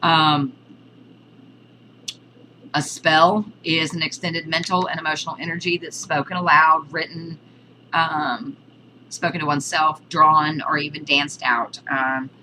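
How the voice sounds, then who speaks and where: A woman with a low-pitched yet bright, forceful voice teaches a casual video lesson. She explains terms in a halting way, listing examples one by one. A faint hum sits behind her. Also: poor audio. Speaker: witchcraft teacher.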